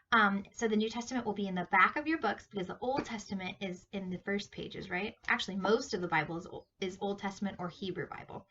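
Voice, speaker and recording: Bright-voiced woman teaching Sunday school. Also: mid-range voice, distant mic, lo-fi sound, slight background noise. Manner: animated, questioning, talks to kids directly. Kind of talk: reading a Bible story to children.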